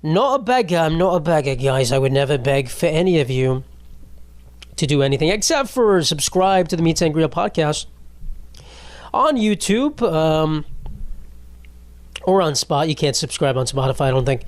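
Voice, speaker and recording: A young man in his twenties rambles through a casual solo podcast, swearing freely and tacking "bro" onto his jokes. His voice sits a little high. The sound is close and dry, with no room around it. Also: animated, moderate pace, pauses often, no echo. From United States. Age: 20s. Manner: rambling, profane, jokey, trailing off with "bro" and "dude". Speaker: podcast host.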